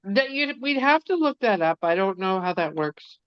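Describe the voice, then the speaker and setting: A woman's voice: medium pitch, expressive, normal speed, smooth, no echo. A woman chats on a video call, laughing easily and explaining how things work. The sound is very dry, with no room around it. The call audio is dull and muffled. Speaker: researcher friend on a video call. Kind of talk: casual chat.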